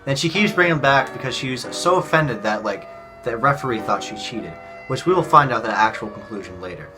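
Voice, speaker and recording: A man talks through a tennis match in a casual, chatty way, explaining each step as he goes. He keeps dropping "like" into his speech. Clear music plays underneath. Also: mid-range voice, expressive, fairly quick. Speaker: video host reacting to a match. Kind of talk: casual commentary.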